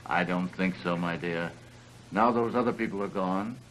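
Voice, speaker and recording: A soft-spoken suitor from an early 1930s picture, gentle and pleading. His voice sits very low. Faint hiss of an old film soundtrack runs under it. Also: normal speed, rough recording. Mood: tender.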